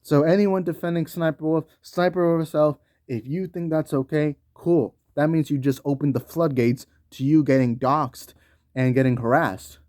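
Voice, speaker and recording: A man's voice: fairly high pitch, steady tone, normal speed, darkish tone, dry recording, clean studio sound. A man delivering a heated, profanity-laced commentary rant on video, talking in slang. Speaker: YouTube commentator.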